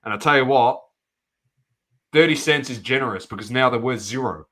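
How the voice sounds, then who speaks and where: A man co-hosts a casual podcast, ranting emphatically and repeating his points. His voice is medium-pitched and a bit bright, at a moderate pace.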